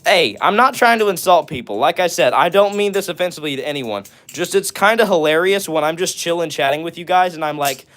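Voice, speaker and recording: A man with a fairly high voice runs a casual live stream, reading viewer messages aloud and answering them on the spot. Excitable and jokey, he laughs often and talks a little fast with few pauses.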